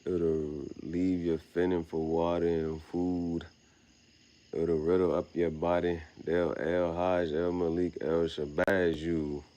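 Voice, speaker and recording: A man's voice: deep voice, flat delivery, takes it slowly, mellow, dull audio. A young man rambling casually outdoors at night, slangy and meandering, laughing at his own words. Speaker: vlogger. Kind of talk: rambling late-night monologue.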